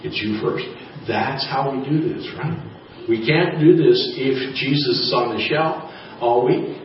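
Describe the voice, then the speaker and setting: A man's voice: medium pitch, measured pace. A man preaching a sermon, reading scripture aloud and checking in with his congregation in a conversational way. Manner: reads scripture aloud between remarks. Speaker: pastor. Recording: distant, dull, roomy sound with faint noise.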